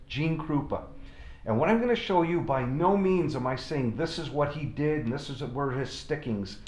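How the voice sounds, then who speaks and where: A man giving a drum lesson, explaining stickings step by step between bursts of playing. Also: on the high side. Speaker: drum teacher. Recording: echoey room with drums.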